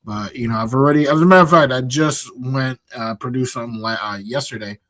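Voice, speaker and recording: Upbeat male co-host, relaxed sports chat, mid-pitched. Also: fast, no room sound. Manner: easygoing, upbeat, many fillers. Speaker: podcast co-host. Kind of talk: casual sports talk.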